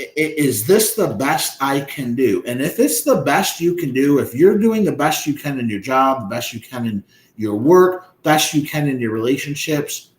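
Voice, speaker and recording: A man's voice: medium pitch, roomy sound. A man hosting a podcast, telling stories in a blunt, profane way as a coach. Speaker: dating coach podcast host. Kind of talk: casual podcast chat.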